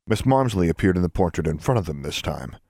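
Low-voiced man reading a story. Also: sing-song, quick pace, warm tone, no echo, clean studio sound. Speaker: audiobook narrator. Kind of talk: scripted narration.

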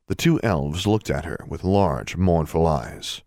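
A man with a very low voice reads a storybook aloud, even and measured. The sound is close and dry with no room around it. His pacing stays steady across long passages. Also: creaky, no echo. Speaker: narrator. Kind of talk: audiobook narration.

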